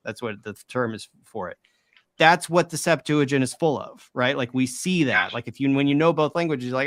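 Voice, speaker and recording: A man's voice: on the high side, expressive, moderate pace, a bit bright, dry recording. Earnest man explaining, dry close sound. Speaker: guest who reads ancient languages. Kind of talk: casual discussion.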